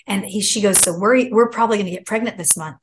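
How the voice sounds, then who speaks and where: A middle-aged woman telling a long personal story as a guest, animated and acting out the voices she quotes. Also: mid-range voice, quick pace, a little hiss or hum, poor audio. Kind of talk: casual storytelling.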